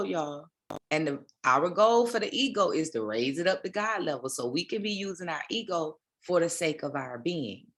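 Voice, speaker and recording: A woman's voice: fairly low pitch, a bit bright. A woman spiritual teacher giving a livestreamed talk, with preachy asides to her viewers.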